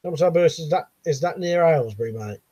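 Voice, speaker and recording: A man's voice: fairly high pitch, expressive, fast talker, mellow, dry recording, low-quality recording. A man with a Southern English accent hosting a casual live stream, reading viewers' comments aloud with frequent laughs and casual swearing. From Buckinghamshire, England.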